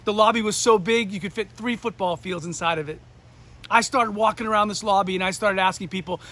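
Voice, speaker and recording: Male motivational speaker, bright tense tone, animated storyteller. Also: sits high, a little fast. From New Hampshire. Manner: animated, acts out the voices of people in his story. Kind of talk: storytelling speech.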